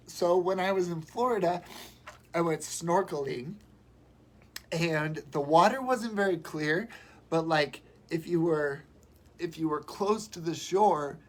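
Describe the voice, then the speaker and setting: A man chatting and rambling warmly on a live stream from home while sick, showing gifts and telling stories. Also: high-pitched, a little hiss or hum. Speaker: vlogger. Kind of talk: casual live-stream chat.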